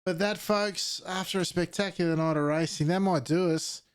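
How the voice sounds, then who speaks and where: A man's voice: sits high, moderate pace, clean tone, dry recording, clean studio sound. A man, commentating sim racing and interviewing a driver in an upbeat, chatty way. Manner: upbeat, keeps saying "beautiful" and "mate". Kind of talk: post-race interview and commentary.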